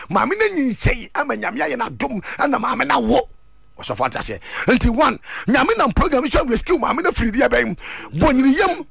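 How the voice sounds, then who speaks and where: A man preaching a sermon, switching between Twi and English and rising to shouts. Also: extremely high pitch, creaky, husky, no echo. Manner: fervent, mixing Twi and English, shouting at peaks.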